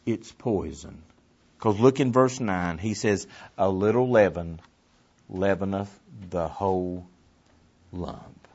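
Guy preaching a sermon in church, goes loud then drops almost to a whisper, repeats himself a lot, kinda muffled lo-fi tape. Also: low-pitched, takes it slowly. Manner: swings from loud emphasis to hushed near-whisper, repeats phrases. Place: church before a congregation.

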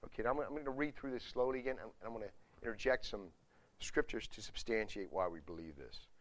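Man reading doctrine aloud in a study. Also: lowish voice. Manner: reads slowly and firmly, then explains in casual asides; humble, plain-spoken. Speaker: Bible study teacher. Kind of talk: reading a confession aloud with commentary.

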